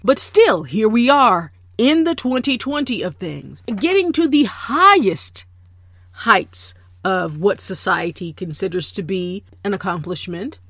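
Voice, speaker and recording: A woman hosting a casual monologue, emphatic and deliberate, repeating words to drive her point home. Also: medium pitch, big pitch swings, a bit bright, no room sound, studio quality. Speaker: podcast host.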